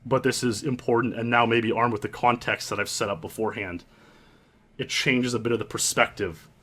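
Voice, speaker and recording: A young man hosting and narrating his own story in an earnest, halting way, often restarting his sentences. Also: mid-range voice, fairly even intonation, bright, forceful tone. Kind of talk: reflective storytelling commentary.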